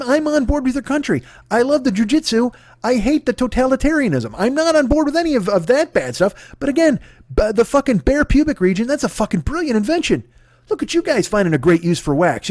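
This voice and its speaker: A man's voice: very high voice, no room sound. A man hosting a comedy podcast, ranting solo, profane, with stammering restarts. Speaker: podcast host.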